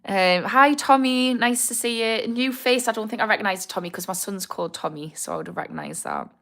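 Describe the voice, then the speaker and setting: A woman's voice: mid-range voice, lively intonation, fast talker, a bit bright. A British woman in her thirties, a recovery coach hosting a live Q&A stream, chatting frankly and answering viewers' comments by name. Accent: British English. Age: 30s. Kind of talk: casual live-stream chat, reading comments.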